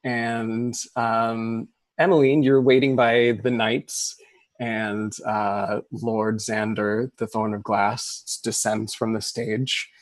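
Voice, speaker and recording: Game master narrating casually, close dry sound. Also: male voice, lowish voice, level tone, takes it slowly, no echo. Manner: casual, many fillers, laughs often.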